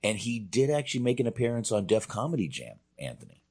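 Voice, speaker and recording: Low-voiced podcast host guy, laid back, lots of ums. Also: very animated, quick pace, darkish tone, breathy edge. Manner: laid-back, agreeable, hesitant fillers. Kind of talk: casual chat.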